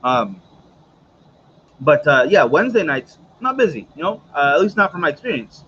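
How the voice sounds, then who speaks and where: This cigar morning show host has a fairly high, sing-song voice that sounds pushed and bright, at normal speed. He rambles and chats on his casual livestream, using many fillers and asides to viewers, while the audio is dull with a slight hiss or hum.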